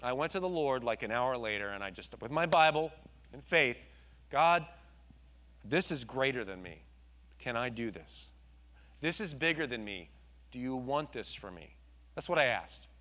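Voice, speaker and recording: A man preaching a sermon, telling his story with animated quoted voices. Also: mid-range voice, normal speed, long pauses. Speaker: pastor.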